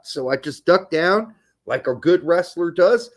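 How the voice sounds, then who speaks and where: A middle-aged man and podcast co-host, telling a story in profane, animated casual chat. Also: a little high, moderate pace, vocal fry.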